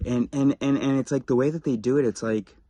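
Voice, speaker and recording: A man vlogging, telling a story in a rambling, casual way with quick asides and restarts. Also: medium pitch, fairly even intonation, warm tone, no room sound.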